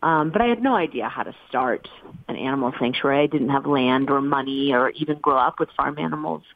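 Earnest low-voiced woman on a phone line. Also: a little fast, a little hiss or hum. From United States. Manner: earnest, emotional storytelling. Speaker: guest, animal sanctuary founder. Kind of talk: telling her life story in an interview. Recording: tinny phone-line sound, dry.

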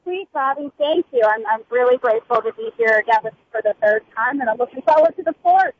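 A woman's voice: on the high side, expressive, fast talker, slight background noise. A woman guest on a radio show, a holistic health doctor, talking in a playful, affectionate way over the phone. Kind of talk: casual radio interview. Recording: dull husky phone-line audio.

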